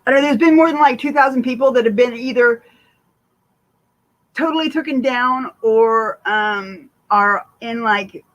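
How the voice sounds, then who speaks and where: A woman's voice: a little high, measured pace, lo-fi sound. Profane rambling woman livestreamer. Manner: profane, rambling with many fillers; responds to viewer chat. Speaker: livestream host. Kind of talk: casual livestream chat.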